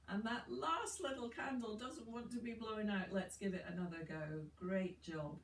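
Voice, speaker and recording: A woman guiding a chair yoga session, giving slow, soothing breathing instructions with gentle encouragement. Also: mid-range voice, background noise. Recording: roomy, distant mic with faint ambience.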